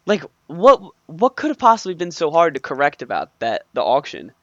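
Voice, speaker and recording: A man co-hosting a relaxed movie chat, retelling scenes and laughing often as he talks. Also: a little high, normal speed, no echo, muffled recording. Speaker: podcast co-host.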